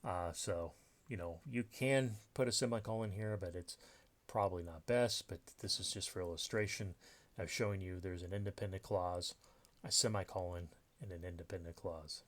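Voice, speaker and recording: A man's voice: low-pitched, normal speed. A man teaching a recorded grammar lesson over slides, explaining step by step with many fillers and restarts. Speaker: writing instructor.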